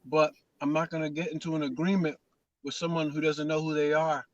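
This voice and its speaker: A man's voice: fairly high pitch, flat delivery, a little fast, no echo, muffled recording. Man talking faith, repeating as he goes. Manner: repeats words and restarts, preacherly emphasis. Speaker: host. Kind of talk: casual spiritual talk.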